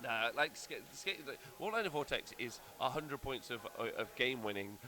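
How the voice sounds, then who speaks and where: A man's voice: medium pitch, sing-song, moderate pace, sharp tone. A man hosting casual live-stream commentary at a tournament venue, rambling and blunt with casual swearing.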